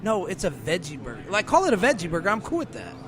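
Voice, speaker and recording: A man co-hosting a radio show, ranting in an animated, exasperated way and laughing between complaints. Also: high voice, fast. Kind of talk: casual comedic rant.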